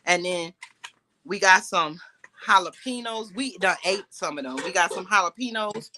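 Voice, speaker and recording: A woman's voice: lowish voice, normal speed, bright, forceful tone, slight background noise. Chatty New York woman cooking on camera. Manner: chatty, laughs often, talks to viewers. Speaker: podcast host. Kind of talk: casual cooking vlog chat.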